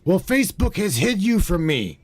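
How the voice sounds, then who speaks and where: A man hosting a call-in show, chatting casually, slangy and quick to laugh. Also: high voice, big pitch swings, husky. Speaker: show host.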